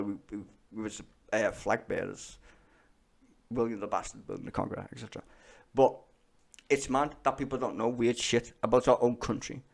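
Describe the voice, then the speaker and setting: A man's voice: mid-range voice, creaky. A young Scouse man ranting over clips in casual, profane, blunt commentary. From Liverpool, England. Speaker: streamer reacting to videos.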